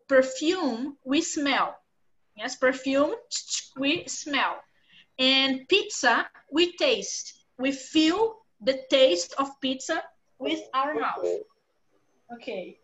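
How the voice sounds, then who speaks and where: A woman's voice: sits high, a bit bright, dull audio. A woman English teacher with a Brazilian Portuguese accent, patiently explaining vocabulary with examples in a live online class.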